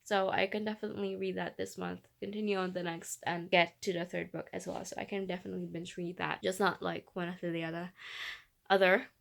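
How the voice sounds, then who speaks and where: A woman's voice: lowish voice, little pitch movement, quick pace, gravelly, hardly any pauses. A young woman in her twenties from the Philippines chatting casually in a reading vlog, rambling and correcting herself as she goes. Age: 20s. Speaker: book vlogger.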